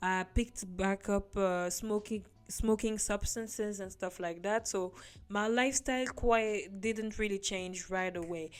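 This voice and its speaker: A woman's voice: mid-range voice, measured pace, clear, resonant tone. A woman telling her personal faith testimony to viewers in an earnest, casual storytelling way. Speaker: vlogger sharing her testimony. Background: soft background music.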